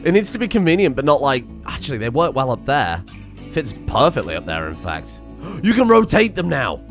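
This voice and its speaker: A young man giving excitable, sarcastic let's-play commentary and laughing often. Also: mid-range voice, fairly quick, soft background music. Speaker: gaming channel host.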